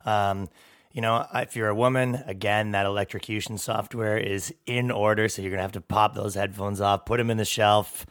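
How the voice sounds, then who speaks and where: A man's voice: on the low side, fairly even intonation, moderate pace, fairly bright tone. A man hosting a podcast, delivering a sarcastic, profane, rambling comedic rant. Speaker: podcast host. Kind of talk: comedic monologue.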